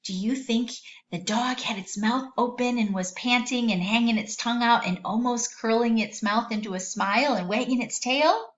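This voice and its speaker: A woman's voice: a little high, moderate pace. Woman teacher for a kids' vocabulary lesson, patient and sing-song, recorded in an echoey room with dull audio.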